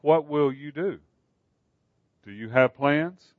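A man's voice: a little high, slow, no room sound. A man voicing an anxious, loyal army commander who asks hesitant questions, in a dull, dry recording.

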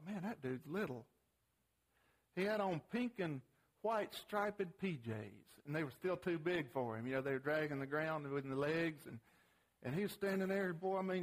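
A middle-aged man with a fairly high voice teaches a parenting group in a folksy, plain-spoken way. He asks the room questions and tells homespun stories, stumbling and restarting when he gets going. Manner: plain-spoken, storytelling, casual grammar; halting restarts when animated.

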